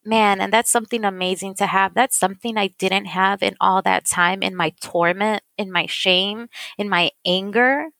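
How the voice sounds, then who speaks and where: A woman's voice: medium pitch, steady tone, normal speed, hardly any pauses, a bit bright, no echo. A woman giving an emotional faith testimony in an interview, tearful and earnest, repeating phrases for emphasis. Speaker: guest sharing testimony.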